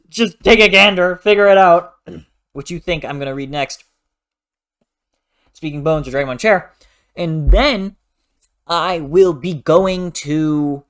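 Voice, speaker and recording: A man hosting a casual book vlog, talking in a playful, animated, rambling way, often correcting himself and clearing his throat. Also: on the high side. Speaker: book reviewer, channel host.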